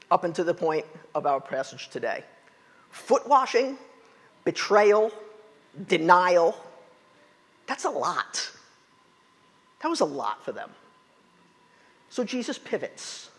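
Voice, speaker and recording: Animated preacher in a reverberant hall. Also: male voice, fairly high pitch, breathy edge. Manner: animated storytelling, acting out quotes. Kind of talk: sermon.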